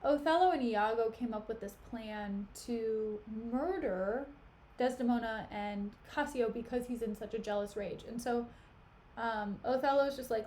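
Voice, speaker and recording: A chatty woman streamer talks into a desk mic. Her voice is fairly high, and her delivery is slangy and loose, with plenty of fillers and asides. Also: unhurried, a little mellow, a little hiss or hum. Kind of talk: casual retelling of a play.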